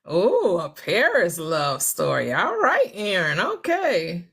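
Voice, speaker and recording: Lively laughing woman hosting a livestream. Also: lowish voice, slightly rough. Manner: laughs often, tries out halting schoolbook French. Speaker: livestream host. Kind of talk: casual live chat reading viewer comments.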